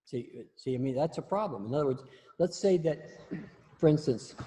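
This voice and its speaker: An instructor teaches a class in a casual spoken style, often repeating and restarting his words, with blunt, salty humor. His voice is a little high, animated, mellow, and husky, at a moderate pace.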